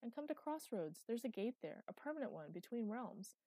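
A woman's voice: on the high side, big pitch swings, fairly quick, dark tone, no echo, pitched above the performer's own voice. A woman voicing an eager, anxious young goddess who talks in a hopeful rush.

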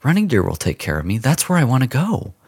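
A man's voice: medium pitch, huge pitch swings, fast, gravelly, a little mellow, husky, no room sound, studio quality, pitched above the performer's own voice, heavily acted. A man voicing a frightened but stubborn orphaned frontier boy in an audiobook reading. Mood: defiant. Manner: pleading, stubborn, strained.

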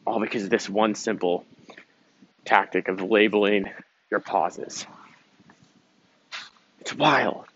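A man's voice: on the low side, fairly even intonation, takes it slowly, long pauses, a bit bright, slightly rough. A young man hosting a podcast, talking in a casual, emphatic, motivational way with some swearing. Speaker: podcast host. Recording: dull lo-fi sound with faint noise.

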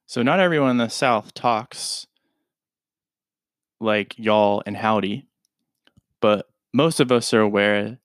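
A man's voice: mid-range voice, no room sound, studio quality. Laid-back man hosting a teaching podcast. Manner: laid-back, chatty, informal explanations. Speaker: podcast host and English teacher.

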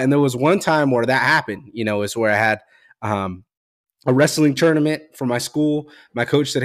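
A male podcast host tells personal stories in a relaxed, casual setting. He is blunt and swears freely, and he gets animated as the story builds. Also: medium pitch, brisk.

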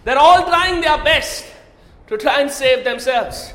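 A man's voice: very high-pitched, lively intonation, takes it slowly, sharp tone. A man preaching a sermon, asking the congregation questions and often raising his voice for emphasis. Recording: echoey hall.

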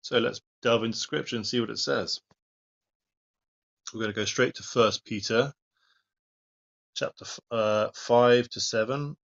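A man's voice: lowish voice, a bit bright, lo-fi sound. A man giving an informal devotional talk, reading Bible verses and commenting on them in an earnest, plain-spoken way. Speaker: lay preacher.

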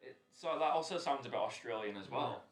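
A man's voice: mid-range voice, animated, a little fast, over a noisy crowd. A young man with a Hull accent, co-hosting a podcast in casual chat, joking and breaking into laughter. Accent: Hull English. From England. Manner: jokey, bursts into laughter. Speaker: podcast co-host. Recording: echoey room with faint noise.

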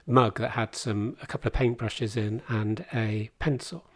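A man's voice: on the low side, steady tone, measured pace, a bit bright, dry recording. A man in his fifties, a podcast guest telling a long, rambling story with dry humour. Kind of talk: casual conversation.

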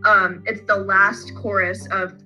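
A woman co-hosting a casual fan podcast, retelling scenes in a rambling, animated way. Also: mid-range voice, a little slow, soft background music, low-quality recording. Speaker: podcast co-host.

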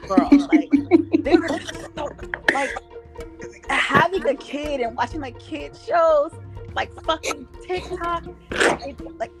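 A woman in casual podcast chat, animated and profane, laughing often as she talks. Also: sits high.

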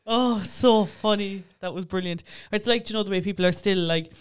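A man's voice: high-pitched, brisk, a little hiss or hum. A young Irish man co-hosting a podcast in casual chat, filling his talk with "yeah" and "like". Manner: chatty, lots of fillers and "yeah, yeah". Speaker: podcast co-host.

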